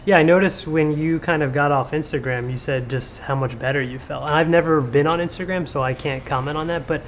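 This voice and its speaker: Relaxed agreeable man co-hosting. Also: a little high, a little fast, slight background noise. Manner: relaxed, agreeable, backchannels often. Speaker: co-host. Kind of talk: casual chat.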